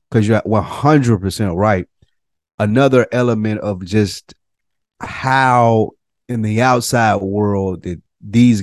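A man co-hosting a podcast, calmly giving his thoughts on a TV episode in casual chat. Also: on the low side, no room sound. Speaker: podcast co-host.

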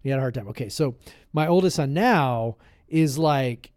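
A man co-hosting a casual podcast, telling a long story in a loose, rambling way and circling back with fillers. His voice sits at a middling pitch. The room sounds dry and close. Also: expressive, normal speed, darkish tone, no echo. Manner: rambling storyteller, lots of "like" and restarts. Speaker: podcast co-host. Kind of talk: casual chat. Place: podcast room, shared with co-host.

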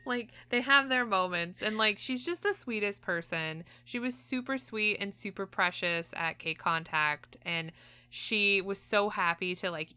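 明るく澄んだ声の若い女性. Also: female voice, lowish voice, pushed and bright, clean tone, dry recording. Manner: gushing, chatty, lots of fillers. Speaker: podcast co-host. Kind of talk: casual chat.

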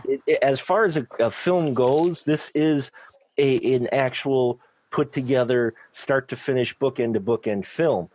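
A man's voice: mid-range voice, unhurried, darkish tone. A man on a film review podcast panel, talking at length in a rambling, emphatic way with frequent restarts. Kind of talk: casual film review chat. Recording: dry, muffled lo-fi audio.

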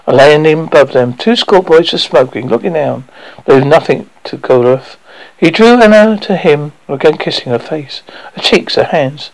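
A man reading a story aloud in a halting way, with slips and restarts. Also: on the high side, gravelly, poor audio. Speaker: narrator.

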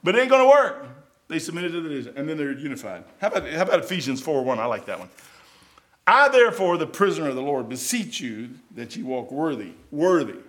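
A middle-aged man preaching a sermon in a folksy, conversational way, with sudden loud outbursts. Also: medium pitch, expressive, quick pace, hardly any pauses. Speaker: pastor.

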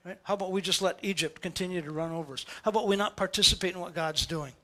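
High-voiced animated male pastor preaching. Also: fast talker. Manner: animated and playful, with lots of rhetorical questions. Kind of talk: sermon. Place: church.

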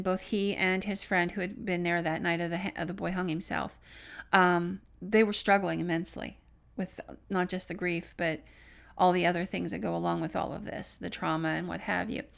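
A woman co-hosting a podcast, earnestly retelling a paranormal story and trailing off softly on the grim details. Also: fairly low pitch, level tone, moderate pace, vocal fry, clean tone. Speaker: podcast co-host.

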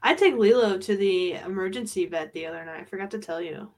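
A woman hosting a podcast in casual chat, excitable and quick to laugh. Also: mid-range voice, a crowd in the background. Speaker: podcast host.

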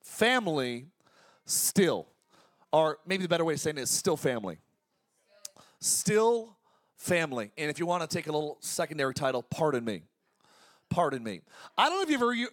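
A man in his forties preaching a sermon as pastor, energetic and conversational, with jokes. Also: a little high, a little fast. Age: 40s.

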